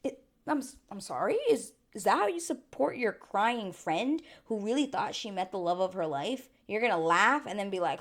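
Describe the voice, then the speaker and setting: A woman giving a chatty, animated recap to her channel viewers, acting out quotes as she goes. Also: mid-range voice, moderate pace. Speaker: YouTube reviewer. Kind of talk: casual recap monologue.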